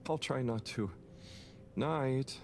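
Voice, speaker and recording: An actor playing a gentle, awkward young man in a video game, hesitant and polite, with frequent sneezes. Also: medium pitch, slow pace, a little hiss or hum. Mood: mild.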